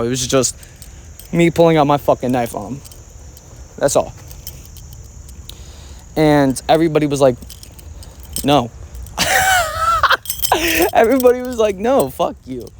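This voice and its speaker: A man's voice: mid-range voice, a little mellow, clean tone. A man in a casual storytime monologue, angry, heavily profane and emphatic as he tells a family story.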